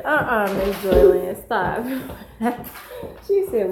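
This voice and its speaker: A woman's voice: on the high side, lively intonation, extremely slow, creaky. A woman hosting a casual live stream at home, reading viewers' comments and talking in a slangy, rambling way that keeps getting sidetracked. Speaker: live-stream host, mother. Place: home, with children nearby. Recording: echoey room with faint noise.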